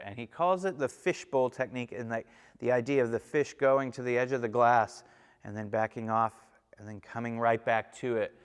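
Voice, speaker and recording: Male timpani teacher, smooth and mellow, patient, counts beats aloud, checks in with "okay?", long room reverb. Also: mid-range voice. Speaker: percussion teacher. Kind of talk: instrument lesson with counting and demonstration.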